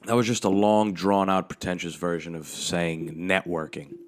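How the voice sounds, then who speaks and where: Deep-voiced man telling a crude story. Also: steady tone, normal speed. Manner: rambling and profane, with frequent restarts. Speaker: comedian and podcast host. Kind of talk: casual comedic storytelling. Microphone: handheld microphone.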